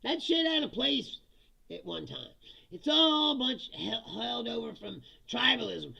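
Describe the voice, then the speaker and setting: Gravelly, animated man ranting on a stream. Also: very high voice, unhurried, highs cut off. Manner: laughs often, profane, reads chat comments aloud and answers. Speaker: livestream host reading chat. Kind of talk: casual ranting political comedy stream.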